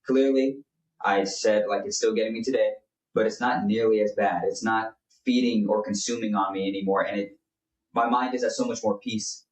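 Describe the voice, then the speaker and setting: With a fairly low, slightly mellow voice, this young co-host talks faith casually and earnestly, wandering through his points with lots of fillers. The mic sits far off in a roomy space.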